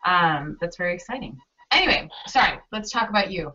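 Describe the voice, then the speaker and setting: A woman's voice: fairly low pitch, lively intonation, a little fast, bright, forceful tone, breathy edge, lo-fi sound. A woman hosting an interview, effusive and exclamatory, often repeating her words. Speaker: interview host and costume designer. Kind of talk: casual interview chat.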